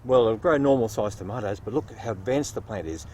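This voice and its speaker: A man's voice: lowish voice, brisk, a little mellow, a little hiss or hum. A man, a nurseryman explaining patiently and cheerfully how to dig a garden bed and plant tomatoes. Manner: patient, upbeat explaining while digging and planting.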